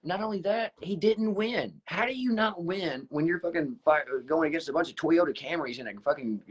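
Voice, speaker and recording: Husky man teasing bluntly. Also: on the high side, fairly quick. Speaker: podcast host. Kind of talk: casual podcast chat.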